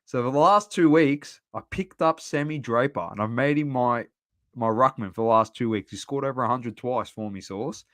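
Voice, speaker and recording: Animated Australian man ranting about footy. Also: medium pitch, moderate pace. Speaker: podcast co-host. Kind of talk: casual sports chat.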